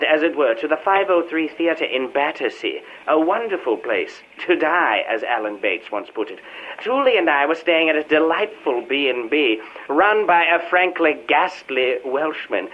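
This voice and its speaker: A man's voice: on the high side, sing-song, normal speed. A man playing a pompous aging theatrical knight, calling in as a Hollywood correspondent in a radio comedy. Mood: grandiose. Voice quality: plummy, theatrical, name-dropping. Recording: dull phone line with faint noise.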